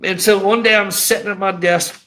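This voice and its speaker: A middle-aged man speaks in a slightly raised, bright voice as he shares a personal testimony. His delivery is raw and emotional yet conversational, full of casual asides. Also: high-pitched, fairly even intonation, normal speed, slight background noise. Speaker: guest sharing a testimony.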